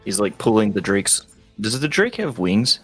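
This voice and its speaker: A man playing a tabletop game, describing his creature's actions in an animated way. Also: on the low side, normal speed. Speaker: player. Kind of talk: casual tabletop banter. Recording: faint background music.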